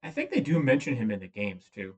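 Male podcast guest, relaxed, quippy, lively intonation. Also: mid-range voice, fast talker. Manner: laid-back, chimes in with short quips. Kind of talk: casual chat about a movie.

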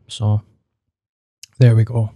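A man's voice: fairly low pitch, monotone, slow pace, mellow, no room sound, clean studio sound. Sweary Glaswegian man on a podcast. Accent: Glaswegian Scottish. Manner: blunt and sweary, open about personal struggles. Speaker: podcast co-host. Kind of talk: casual podcast chat.

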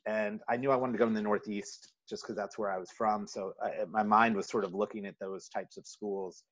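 A man's voice: lowish voice, steady tone, brisk. A man with a neutral American accent, a guest in a casual interview, telling stories with many fillers and restarts. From New York City. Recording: muffled lo-fi audio.

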